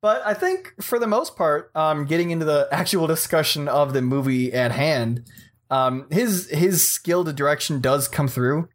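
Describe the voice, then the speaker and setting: Higher-voiced man giving measured film opinions. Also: expressive. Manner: measured, weighs his opinions with "I think". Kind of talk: casual film discussion.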